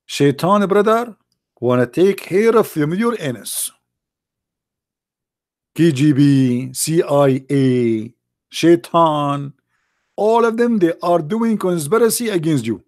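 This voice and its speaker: A man's voice: high-pitched, a little mellow, no echo, clean studio sound. A man hosting a livestream who mocks and taunts his viewers in a sarcastic way, often laughing and reading their chat comments aloud. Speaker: livestream host.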